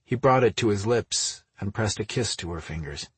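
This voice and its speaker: A man narrating an audiobook in a steady, unhurried reading, close on the microphone. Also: lowish voice, breathy edge, no echo. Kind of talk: scripted narration.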